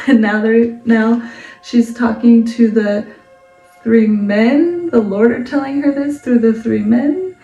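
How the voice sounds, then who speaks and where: A woman's voice: on the high side, slow pace, gravelly, mellow, dull audio. A woman hosting a casual Bible study vlog, chatty and laughing as she explains, full of "like" and "right?". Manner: laughs often while explaining. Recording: echoey room, mic at a distance, faint music.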